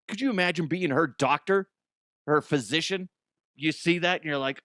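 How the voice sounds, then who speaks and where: A man's voice: on the high side, moderate pace, bright, forceful tone, dry recording, clean studio sound. A man hosting a comedy news show, chatting casually, swearing and laughing often at himself. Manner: laughs often, profane, self-mocking.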